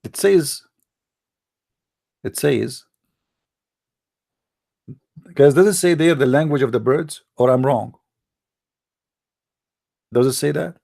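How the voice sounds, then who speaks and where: An actor playing a boastful, rambling mock preacher with an Arabic accent, in a satirical livestream monologue. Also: male voice, medium pitch, slow pace, gravelly, long pauses, darkish tone. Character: mock-pompous self-styled male preacher, middle-aged.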